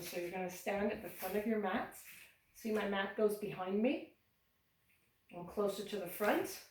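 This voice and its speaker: A woman teaching a cheerful yoga class for young children, giving encouraging step-by-step instructions. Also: medium pitch. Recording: echoey room, voice from a distance.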